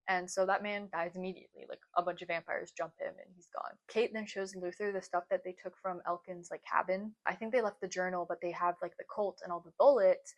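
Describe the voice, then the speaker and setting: A young woman hosting a casual recap video, chatty and full of "like", with quick outbursts of annoyance. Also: medium pitch. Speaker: video host recapping a TV series.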